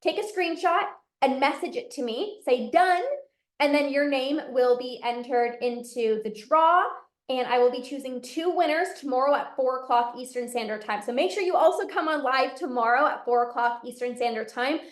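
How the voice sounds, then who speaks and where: A woman's voice: high voice, moderate pace. A woman hosting a solo podcast as a coach, talking to her listeners in an upbeat, encouraging way. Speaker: podcast host and binge eating coach. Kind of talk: motivational solo podcast talk. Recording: echoey room.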